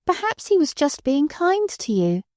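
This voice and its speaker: A woman voicing a meek little old lady who speaks gently, quavering through her tears, in an audiobook. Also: high-pitched, very animated, measured pace, no room sound, clean studio sound, pitched above the performer's own voice. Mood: gentle. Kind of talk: audiobook character voice.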